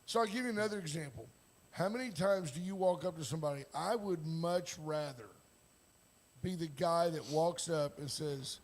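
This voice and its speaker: A man's voice: sits high, expressive, normal speed, creaky. An older man hosting a morning talk show, joking and telling stories with quoted lines. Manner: jokey, storytelling with acted-out quotes. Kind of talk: casual talk-show banter.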